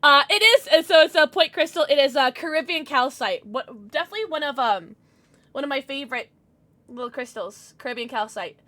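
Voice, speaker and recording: A woman's voice: high voice, a little fast, sharp tone, dry recording. A woman in her thirties chatting casually with her stream viewers, affectionate and full of fillers.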